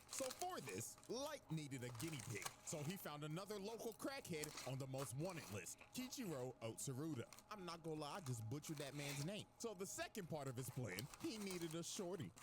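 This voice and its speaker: A man narrating a comedic story recap in an animated, slangy way. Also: fairly high pitch. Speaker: video narrator. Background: music.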